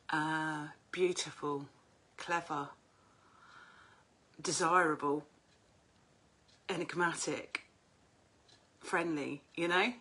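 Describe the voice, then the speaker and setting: A middle-aged woman talks casually to her viewers on a livestream, chatty, animated and unafraid to swear. Her voice sits a little low, with a husky edge and a bright, forceful tone. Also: very slow, long pauses. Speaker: oracle card reader and group host.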